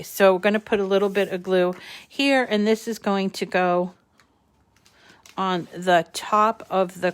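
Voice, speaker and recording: Walking viewers through every step of a live paper-crafting tutorial, the woman hosting this crafting channel talks casually with plenty of ums and minor restarts. Her voice is medium in pitch with a clean tone.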